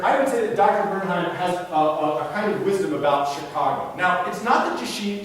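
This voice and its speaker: A man's voice: high-pitched, a bit bright. A man, a philosophy professor, giving a live lecture in a hall and often checking that the audience follows. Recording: echoey hall, distant mic, faint noise.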